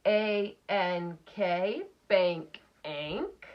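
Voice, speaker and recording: A woman teacher giving a recorded phonics lesson for children, slowly sounding out letters and words. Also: on the low side, lo-fi sound.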